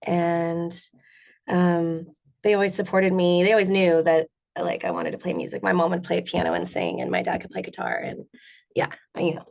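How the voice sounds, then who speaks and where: A woman singer and bassist chatting in an interview, rambling with lots of fillers. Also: flat delivery, normal speed, creaky, darkish tone. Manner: rambling, many fillers, laughs often. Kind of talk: casual interview chat.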